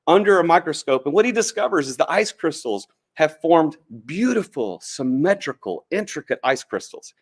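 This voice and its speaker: A man's voice: fairly high pitch, big pitch swings, moderate pace, hardly any pauses. A man giving a motivational stage talk, earnest and emphatic, enthusiastic about his point. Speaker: talk speaker.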